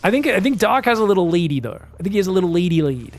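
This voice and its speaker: A man giving solo commentary on a strategy game match, excitable and chatty, bursting into shouted reactions and talking straight to his viewers. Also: high voice, rapid-fire. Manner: chatty asides, addresses viewers as guys. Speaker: esports caster.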